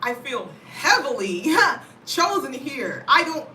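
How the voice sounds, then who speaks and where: An American woman chatting casually to camera as a vlogger, animated and talkative, often checking in with "you know what I mean". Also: sits high, takes it slowly, slight background noise. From United States. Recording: roomy, mic at a distance.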